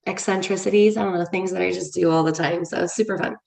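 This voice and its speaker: A woman's voice: on the low side, fairly even intonation, quick pace, vocal fry. Frank English woman, echoey livestream room. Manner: frank and warm-hearted, swears for emphasis, greets viewers by name. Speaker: ministry leader. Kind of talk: casual livestream talk to viewers.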